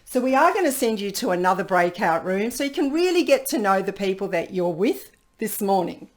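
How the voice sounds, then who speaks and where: A woman leading an online workshop over a video call, lively and playful, acting out what people think to themselves. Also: mid-range voice, brisk. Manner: lively, playfully acts out people's inner dialogue. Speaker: workshop facilitator.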